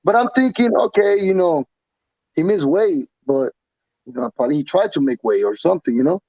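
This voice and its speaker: Man, fighter guest, animated and profane, stumbling restarts, raised pitch, dry close sound. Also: a little fast, no room sound, highs cut off. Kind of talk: casual interview talk.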